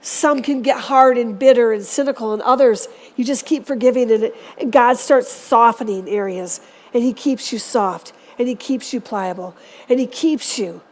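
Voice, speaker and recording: A woman's voice: on the high side, moderate pace, darkish tone. A woman preacher giving a sermon in a church, speaking earnestly and urging her listeners on. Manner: earnest, exhorting.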